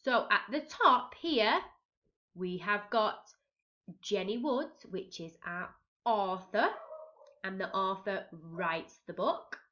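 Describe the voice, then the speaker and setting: A woman teacher reads a picture book aloud to very young children, pausing to gasp and ask them what comes next. Her voice is bright and her pace unhurried. The recording sounds dull and lo-fi. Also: medium pitch. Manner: expressive, gasping, asking children questions. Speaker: reception teacher.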